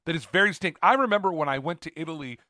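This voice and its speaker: A man's voice: a little high, expressive, very fast, pushed and bright, no room sound, studio quality. A middle-aged man from California co-hosting a podcast, chatting casually in an emphatic, teasing, argumentative way. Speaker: podcast co-host. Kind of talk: casual chat.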